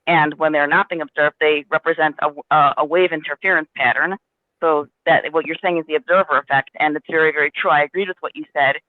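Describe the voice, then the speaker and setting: A man's voice: fairly high pitch, steady tone, quick pace, no room sound. A man earnestly telling a personal story in a casual spiritual discussion, with many restarts. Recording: dry, tinny phone line.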